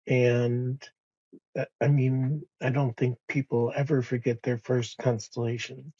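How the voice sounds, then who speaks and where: A man speaks slowly and softly in a reflective podcast conversation, pausing and restarting as he goes. His voice is mellow and a little husky. The recording is dry and slightly dull. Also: medium pitch, level tone, no echo. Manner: slow, soft-spoken, with many pauses and restarts. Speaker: podcast guest.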